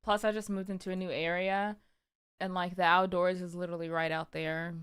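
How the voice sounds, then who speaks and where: A young woman streaming a game, chatting casually and excitably with her chat and swearing freely. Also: on the low side, a little fast, clean tone. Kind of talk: casual live-stream chat while gaming.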